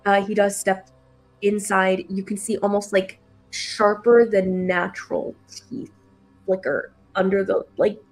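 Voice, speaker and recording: A woman's voice: mid-range voice, fairly even intonation, measured pace, faint music behind. A woman running a tabletop game as game master, chatty and giggly, with many fillers and restarts.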